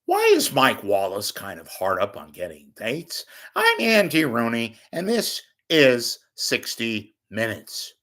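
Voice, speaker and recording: A man's voice: mid-range voice, huge pitch swings, takes it slowly, few pauses, pushed and bright, exaggerated voice. A man doing an impression of an elderly male TV commentator who keeps musing aloud with wry "why do they" questions.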